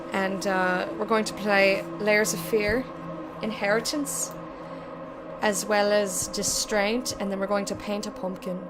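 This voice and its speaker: A woman's voice: mid-range voice, level tone, measured pace. A young woman streaming a game, chatting casually with viewers, joking and swearing freely as she plays. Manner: chatty, swears often, jokes with chat. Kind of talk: casual gameplay commentary. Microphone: desk mic with headphones. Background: music.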